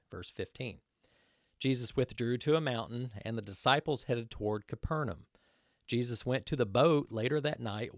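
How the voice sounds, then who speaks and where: Man explaining scripture in a low, dry voice. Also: dry recording. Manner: earnest, explanatory, with frequent fillers. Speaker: Bible teacher. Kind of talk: Bible teaching talk.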